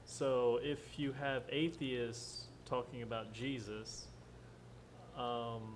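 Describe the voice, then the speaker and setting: A man makes his point hesitantly at a dinner-table discussion, filling gaps with ums. His voice is mid-pitched, and faint noise runs under a live-stream recording. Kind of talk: casual panel chat over dinner.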